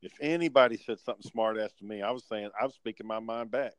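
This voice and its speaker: A man's voice: on the low side, quick pace, no echo, rough recording. Guy swearing his way thru work stories, sarcastic, dry close mic. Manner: profane, sardonic storyteller acting out bosses and customers. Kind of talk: casual chat, swapping work stories.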